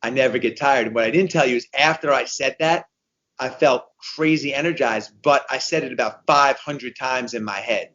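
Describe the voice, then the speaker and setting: A man's voice: medium pitch, moderate pace, a bit bright, dull audio. A man in his fifties, a podcast guest, telling stories with energy and repeating phrases for emphasis. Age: 50s. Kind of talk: conversational podcast interview.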